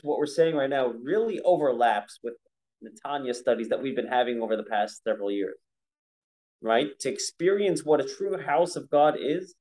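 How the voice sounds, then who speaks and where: A man teaching a Torah class, talking conversationally and now and then chanting Hebrew verses slowly. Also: on the high side, a little mellow. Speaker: rabbi teaching a prayer-book class.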